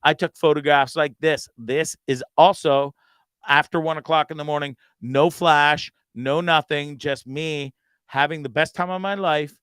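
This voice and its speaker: A man's voice: fairly high pitch, fairly even intonation, a little slow, fairly bright tone, clear, resonant tone, dry recording. A male host telling a rambling, profane story with many stammered restarts. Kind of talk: casual storytelling.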